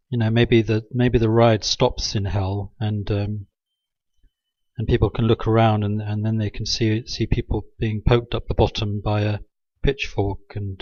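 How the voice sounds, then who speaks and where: A man's voice: on the low side, a little mellow, no room sound, lo-fi sound. A man rambling through a satirical monologue, sarcastic and hesitant, with many ums. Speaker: video maker.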